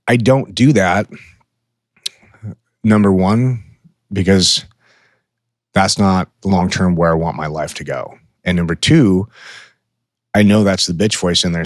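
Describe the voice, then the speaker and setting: A man's voice: deep voice, no room sound, clean studio sound. A man co-hosting a podcast in casual chat, blunt and profane, acting out the voices in his head. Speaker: podcast co-host.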